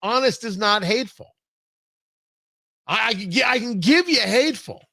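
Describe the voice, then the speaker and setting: A male talk show host delivers opinionated political commentary and goes off on sarcastic tangents. His voice is high and forceful, and it sounds close and dry, with no room around it. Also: animated, normal speed, vocal fry, no echo. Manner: emphatic, sarcastic, digressive.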